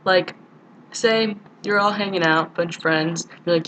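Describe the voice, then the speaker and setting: A woman's voice: fairly low pitch, steady tone, brisk, a bit bright, highs cut off, slight background noise. A young woman from the United States, chatting casually in a rambling, giggly video diary to a friend. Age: young adult. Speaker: vlogger.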